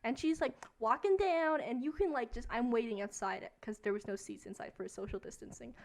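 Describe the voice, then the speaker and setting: A woman's voice: on the high side, a little fast, gravelly. A young woman streaming a game, rambling through a story in a casual rant and saying "like" in nearly every phrase.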